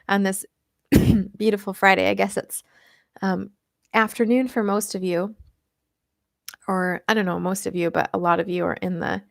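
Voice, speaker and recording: An American woman who hosts live streams and works as a diet coach speaks in a mid-range voice with vocal fry, recorded dry. In a casual live-stream Q&A, she is chatty and giggly, reading out viewer comments and laughing often.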